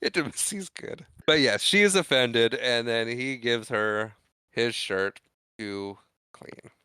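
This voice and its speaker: Bright, clear-voiced man recapping a movie. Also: mid-range voice, no room sound. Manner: rambling recap with quick acted-out quotes. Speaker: podcast co-host. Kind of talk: casual movie discussion.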